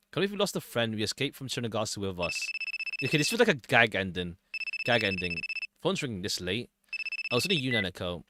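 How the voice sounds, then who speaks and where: Animated male streamer reading a game. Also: medium pitch, slight background noise. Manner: animated, switching between characters. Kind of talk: reading game dialogue aloud.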